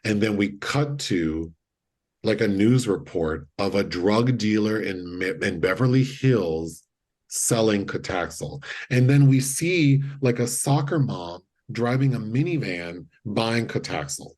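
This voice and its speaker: Husky-voiced man retelling a film. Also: lowish voice, unhurried. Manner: animated storyteller, acts out quotes. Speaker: podcast co-host. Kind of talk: casual chat, retelling a film.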